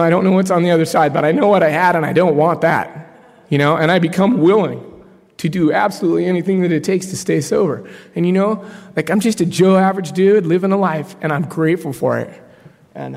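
A man in his thirties from Colorado sharing his personal story from a podium, casual and animated with slang. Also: fairly high pitch, vocal fry. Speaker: speaker sharing his story at a recovery meeting. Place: large conference hall. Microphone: podium mic. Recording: long hall reverb.

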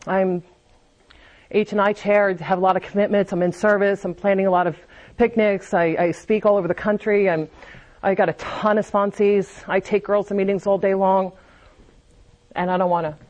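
A woman's voice: medium pitch, flat delivery, moderate pace, darkish tone, dull audio. A woman speaking candidly at a recovery meeting, giving a confessional personal testimony and often restarting her sentences.

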